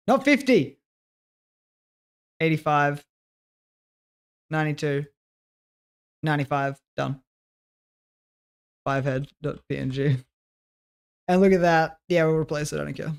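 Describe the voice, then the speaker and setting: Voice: medium pitch, flat delivery, a little slow, vocal fry, pauses often, clear, resonant tone. A livestreamer chatting casually with viewers, joking, laughing often and swearing, and muttering to themself while fiddling with things. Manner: talks to self while working, trailing off mid-sentence.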